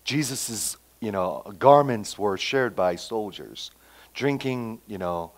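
A man preaching a sermon, acting out quotes and swinging between loud emphatic lines and quiet asides. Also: lowish voice, lively intonation, slow pace. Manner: acts out quoted dialogue, repeats phrases. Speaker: pastor.

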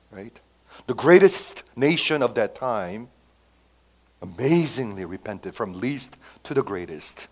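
A man preaching an expository sermon in an animated way, swinging between loud emphasis and soft asides and asking rhetorical questions. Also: fairly low pitch, breathy edge, low-quality recording.

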